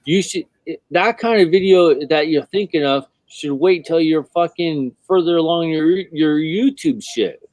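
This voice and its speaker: A man's voice: on the high side, measured pace, a little mellow, dry recording. A man co-hosting a casual livestream, blunt and teasing, swearing often. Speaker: livestream co-host.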